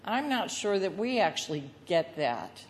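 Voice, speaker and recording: A woman pastor preaching a sermon, telling the story lively and acting out the voices of the people in it. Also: on the low side, unhurried, in a large hall, a little hiss or hum. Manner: storytelling with acted-out voices of the crowd and Jesus.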